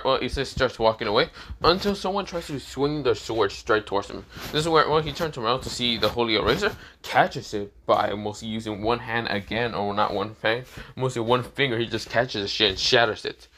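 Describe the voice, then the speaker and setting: A man narrating a fan story in a loose, off-the-cuff way, full of fillers and casual profanity. His pitch is mid-range and a faint hiss sits under the voice. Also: bright, forceful tone. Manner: rambling, filler-heavy, profane.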